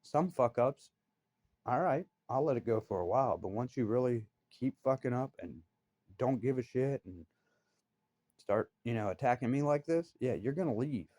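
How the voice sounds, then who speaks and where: A man's voice: medium pitch, expressive, normal speed, mellow, no echo. A man telling a work story in a blunt, heated, profane way. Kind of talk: casual storytelling.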